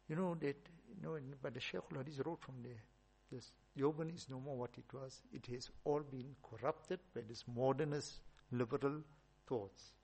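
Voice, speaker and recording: A man, a religious teacher, giving a storytelling sermon with emphatic rises and soft asides. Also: mid-range voice, vocal fry, breathy edge.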